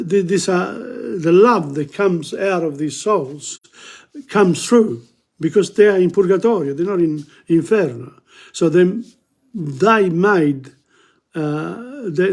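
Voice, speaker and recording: Giving a relaxed, conversational talk on Dante, an elderly man quotes the Italian lines and then explains them in plain English. He often halts and repeats himself. His husky, darkish voice sits somewhat high for a man.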